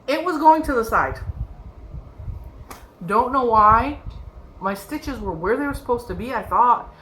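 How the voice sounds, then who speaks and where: A woman's voice: fairly high pitch, animated, a little slow, pushed and bright. A woman vlogger in a casual show-and-tell chat about her crochet projects, rambling and laughing often. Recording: echoey room with faint background noise.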